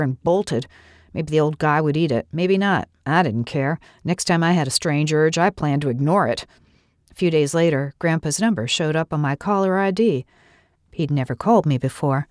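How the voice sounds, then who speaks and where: A woman's voice: deep voice, moderate pace, darkish tone, dry recording, clean studio sound. A middle-aged woman narrating a first-person story in an earnest, reflective way.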